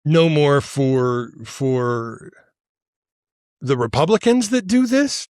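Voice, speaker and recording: A man's voice: fairly high pitch, big pitch swings, takes it slowly, a little mellow, dry recording, clean studio sound. A male podcast host delivering a heated, profane political monologue, worked up and angry, stammering and restarting as he goes.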